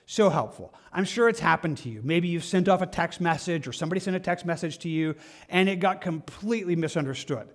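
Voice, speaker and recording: A man preaching a Sunday sermon with a high-pitched voice. He talks with the congregation in an earnest, conversational way and acts out the lines he quotes. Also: animated, a little fast. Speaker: pastor.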